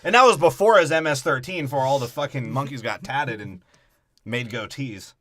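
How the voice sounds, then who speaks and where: A man co-hosting a podcast, tossing out crude, profane jokes in loose movie-breakdown banter. His voice sits at an ordinary middle pitch. The recording is close and dry, with no room sound. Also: moderate pace, bright, forceful tone, dry recording. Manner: crude, profane, joking riffs. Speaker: podcast co-host.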